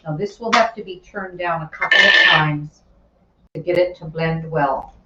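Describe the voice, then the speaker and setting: A woman's voice: sits low, normal speed. Woman, cooking instructor, chatty, explains steps as she goes, distant dull recording, echoey kitchen. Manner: chatty, explains each step while working, with asides. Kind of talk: live cooking demonstration. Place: home kitchen. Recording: roomy, distant, dull sound with faint kitchen noise.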